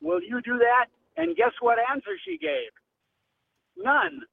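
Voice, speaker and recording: Husky-edged phone caller, man. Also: extremely high pitch, lively intonation. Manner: halting, many fillers. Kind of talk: call-in radio talk. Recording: phone line.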